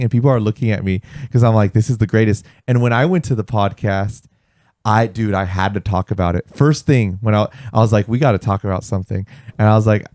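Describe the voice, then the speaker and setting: A man chats on a podcast, spinning animated stories and acting out what people said, swearing as he goes. His voice sits fairly low with a mellow, dark tone. The sound is dry and close, with no room behind it. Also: dry recording. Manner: animated storyteller, swears freely, acts out quotes. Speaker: podcast host. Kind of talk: casual podcast chat. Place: podcast studio.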